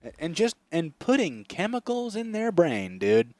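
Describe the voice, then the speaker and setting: A man's voice: sits high, wildly swooping pitch, measured pace, darkish tone, no room sound. A young man co-hosting a podcast in casual, profane comedic chat, often slipping into mocking voices. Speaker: podcast co-host.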